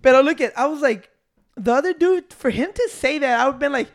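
A man's voice: extremely high pitch, lively intonation, a little fast, vocal fry. A man ranting in casual podcast banter, profane and emphatic, retelling conversations.

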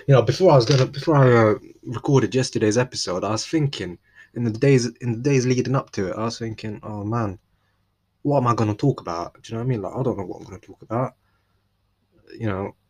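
Husky young East London man rambling. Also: medium pitch, fast talker, darkish tone. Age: young adult. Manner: rambling, self-interrupting, laid-back slang. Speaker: podcast host. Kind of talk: solo casual chat.

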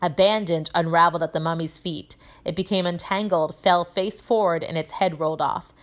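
A woman teacher reading a children's novel aloud, telling it in a lively way with voices for the characters. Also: on the low side, moderate pace.

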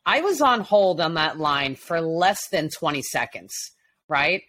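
A woman from Long Island co-hosting a casual talk show, telling stories in a lively way and acting out what people said. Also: low voice, measured pace. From Long Island, New York. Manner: animated storyteller, acts out quotes. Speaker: podcast co-host. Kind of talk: casual chat.

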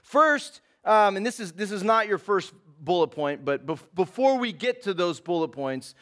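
High-voiced man preaching casually. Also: expressive, moderate pace, fairly bright tone. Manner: casual and conversational, says man and dude. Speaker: pastor. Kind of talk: sermon.

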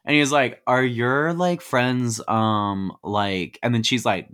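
A man in a loose, laid-back recap of a film, heavy on slang and swearing, quoting each character as he goes. His voice sits at an ordinary middle pitch, recorded on a home mic over a call. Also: animated, unhurried, few pauses, a bit bright. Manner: slangy, profane, retells scenes in quoted voices. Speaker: podcast co-host. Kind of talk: casual movie recap.

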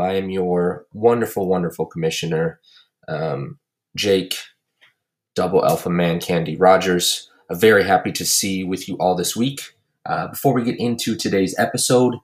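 A man hosting a casual comedy podcast, recapping his fantasy league with crude jokes and deadpan roasts. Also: low-pitched, moderate pace. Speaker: podcast host and league commissioner.

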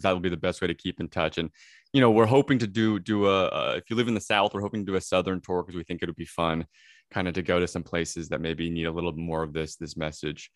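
A man's voice: deep voice, no room sound, clean studio sound. A man being interviewed about his documentary, talking earnestly and reflectively and often repeating words as he thinks. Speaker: documentary filmmaker guest. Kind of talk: casual interview.

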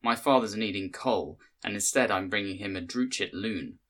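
A man's voice: on the low side, normal speed, a bit bright. A man voicing a spirited, weary young woman, blunt and plain-spoken. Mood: tired. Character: young Scottish fisher-lass, spirited and weary.

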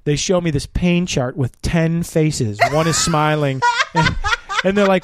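A man's voice: fairly high pitch, a little slow, slight background noise. A man telling a long story in casual chat, swearing often and acting out what people said. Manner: profane, animated storyteller acting out quotes. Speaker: guest.

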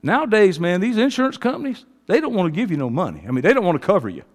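A male pastor preaching an impassioned sermon, swinging from hushed, low testimony to loud shouting. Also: very animated, very fast.

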